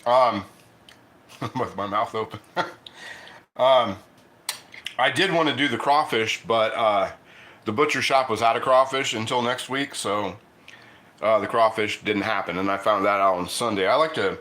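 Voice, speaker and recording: A man's voice: on the low side, moderate pace, pushed and bright. A middle-aged man hosting a casual cooking livestream, rambling and chatty, eating and talking between bites in his home kitchen. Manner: rambling, chatty, restarts often; eating and talking with mouth full. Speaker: cooking show host.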